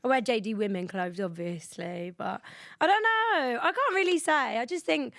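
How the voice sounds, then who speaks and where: A woman's voice: fairly high pitch, lively intonation, moderate pace, creaky, fairly bright tone, dry recording, clean studio sound. A young woman, a podcast guest chatting casually and mocking herself. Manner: chatty, self-mocking, laughs easily. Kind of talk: casual chat.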